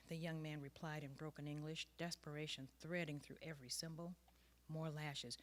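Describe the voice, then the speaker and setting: A woman author reading her own personal essay aloud in a measured, earnest way. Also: deep voice, steady tone.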